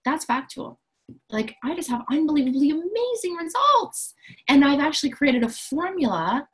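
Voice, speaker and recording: A high-pitched, very animated woman talks at a normal pace on a low-quality recording. As the empowerment coach who founded a coaching school, she explains her programs in a promotional talk that sounds enthusiastic, self-assured and chatty.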